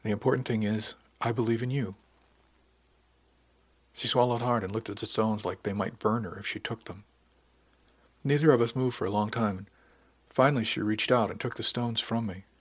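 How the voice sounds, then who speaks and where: A man reading a first-person sci-fi story in a calm, measured narration. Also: fairly low pitch, no echo. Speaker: audiobook narrator.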